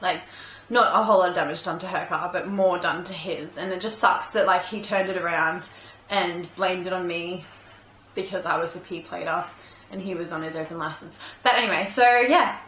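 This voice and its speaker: Young woman vlogger, casual storytime, bright tone, echoey room. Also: lowish voice, moderate pace, a little hiss or hum. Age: young adult. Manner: chatty, frequent "like" and "um" fillers.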